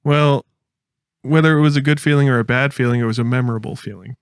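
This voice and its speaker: A man co-hosting a podcast in casual chat, laid-back and quick to chuckle. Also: mid-range voice, fairly even intonation, smooth, no room sound, clean studio sound. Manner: laid-back, chuckles often, acts out quotes. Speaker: podcast co-host.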